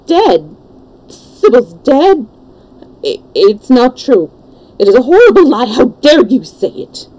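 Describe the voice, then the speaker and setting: A woman reading the part of an impulsive, anguished young English gentleman in a storybook, with emotional, pleading delivery. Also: medium pitch, expressive, a little slow, rough recording. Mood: distraught.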